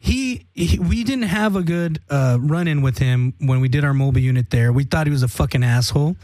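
Give me a young man with a fairly high voice in a dry, close recording, spinning a long, rambling story full of swearing and laughter. He keeps breaking into little acted-out quotes of what everyone said. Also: brisk, warm tone, dry recording. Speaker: band member telling a story on a podcast. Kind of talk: casual profane storytelling.

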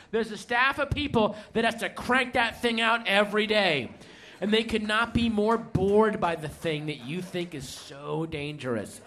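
A man doing a stand-up comedy routine, telling stories in a profane, animated way. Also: very high-pitched.

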